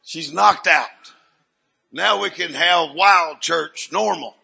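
An older man, preaching in a rambling, folksy storytelling sermon with sudden shouts. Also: fairly high pitch, takes it slowly, gravelly, slightly rough.

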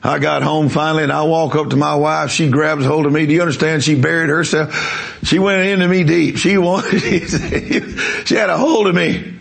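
Gravelly preacher man. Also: fairly high pitch, fairly even intonation, normal speed. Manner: emphatic, repeats words as he builds a story. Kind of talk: sermon storytelling.

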